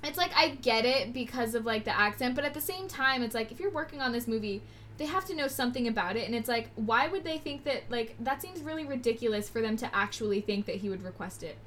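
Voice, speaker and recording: Young woman, a touch high-pitched, casual and outspoken, with faint noise behind her. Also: expressive, fast talker, a bit bright. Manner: blunt, opinionated, laughs often. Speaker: co-host answering trivia. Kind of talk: casual chat.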